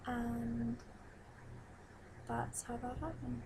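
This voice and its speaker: A woman's voice: a little high, steady tone, extremely slow, noisy background. A teenage girl vlogging casually into a webcam at home, chatty and giggly and rambling between topics. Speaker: new vlogger.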